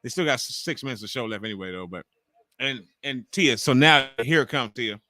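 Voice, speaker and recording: A man in his forties hosting a wrestling watch-along live stream, reacting excitably and ranting with heavy swearing. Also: medium pitch, fairly quick, dry recording, clean studio sound. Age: 40s.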